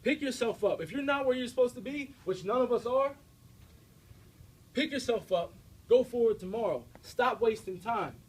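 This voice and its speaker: A young American man giving an energetic, direct faith talk to a student audience, often checking in with his listeners. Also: extremely high pitch, moderate pace, long pauses, slightly rough, low-quality recording. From United States. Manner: energetic, direct, preachy, with frequent checks like "all right?". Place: university room before an audience.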